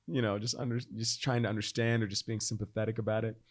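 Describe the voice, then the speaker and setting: A man in his thirties, a podcast guest, telling a personal story in a casual, animated way, acting out quoted voices and laughing often. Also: quick pace, hardly any pauses. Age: 30s. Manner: animated, acts out quoted voices with big pitch jumps; laughs often, frequent fillers like "like".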